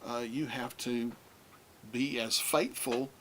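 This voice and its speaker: Male lecturer, unhurried, halting delivery with fillers, faint hiss behind. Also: mid-range voice, steady tone, a bit bright. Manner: halting, many filler pauses. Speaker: Bible translation teacher. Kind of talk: recorded lecture on translation.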